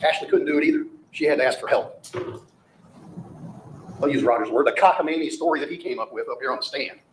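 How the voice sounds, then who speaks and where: A prosecutor with a mid-range voice delivers a quick-paced courtroom closing argument, emphatic and rhetorical, repeating phrases for effect. The courtroom audio is echoey with faint noise.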